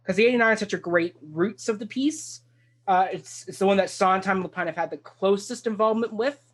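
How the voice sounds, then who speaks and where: An eager talk show host who rambles happily through a casual discussion. Sentences often restart mid-thought. The voice sits at a middling pitch. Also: a little fast. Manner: enthusiastic, rambling and full of restarts. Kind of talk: casual discussion of a stage musical.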